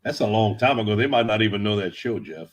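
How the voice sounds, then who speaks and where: A man chatting as a guest, laid-back, telling animated stories. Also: lowish voice, quick pace. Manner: laid-back drawl, animated storyteller who acts out quotes. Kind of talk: casual storytelling chat.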